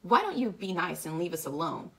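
A woman voicing a pretty, cool-headed teenage girl cheerleader in a read-aloud, with a biting edge that softens. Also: on the low side, sing-song, fairly quick, vocal fry, full character voice.

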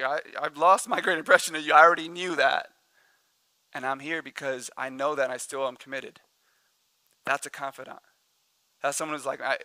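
Bright, lively preacher man. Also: fairly high pitch, no echo, low-quality recording. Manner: animated storytelling preacher, laughs easily. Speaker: pastor. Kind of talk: sermon. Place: church sanctuary.

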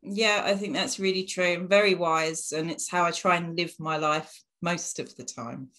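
A woman's voice: on the low side, fairly even intonation, normal speed, a bit bright. A woman with an Essex accent, a guest in a casual conversation, sounding friendly and upbeat. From England.

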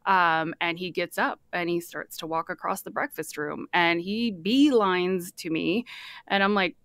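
A woman's voice: lowish voice, a little slow, fairly bright tone, no echo, clean studio sound. A woman guest on a podcast, telling a personal story in a chatty way, full of fillers, acting out what people said.

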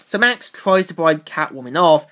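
A woman talks through a comic's plot in a loose, casual recap, circling back and restarting her sentences as she goes. Her voice is fairly low for a woman. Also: lively intonation, moderate pace, fairly bright tone. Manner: rambling retelling with loose restarts. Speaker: comic book reviewer.

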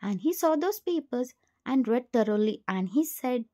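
A woman reading a second-person fan fiction story aloud in a steady, plain storytelling voice. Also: on the high side, normal speed.

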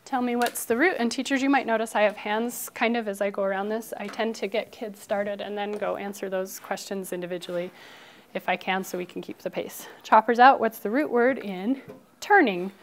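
A woman teacher running a phonics lesson in a classroom, brisk and encouraging, calling out words and praising pupils, sometimes dropping to a hushed whisper for one child. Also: mid-range voice, steady tone, a little hiss or hum.

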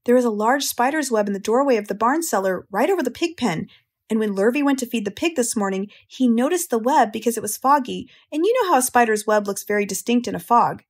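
A woman's voice: on the high side, lively intonation, fast talker. A woman voicing an awestruck, earnest male farmer who insists with urgency, in a storybook reading. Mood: solemn, insistent.

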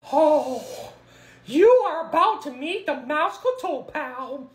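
A man voicing a hot-tempered male cartoon mouse who yells insults in a squeaky falsetto. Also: expressive, takes it slowly, echoey room, exaggerated voice. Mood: angry. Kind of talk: cartoon parody voice.

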